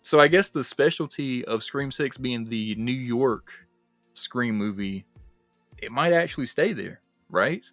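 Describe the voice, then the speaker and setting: Animated young man hosting a livestream. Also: mid-range voice, a little slow, dry recording, soft background music. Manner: animated, swears freely, rambling with fillers. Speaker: livestream host. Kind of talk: casual movie discussion.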